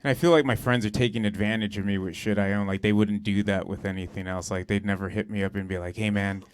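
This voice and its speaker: A young man works a comedy club stage with a slightly low voice, swearing freely and filling his stories with "like" and "dude". He talks loosely and conversationally into a handheld mic. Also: fairly even intonation, fast talker, slight background noise. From Southern California. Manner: profane, conversational storytelling with lots of "like" and "dude". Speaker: stand-up comedian. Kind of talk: stand-up comedy set.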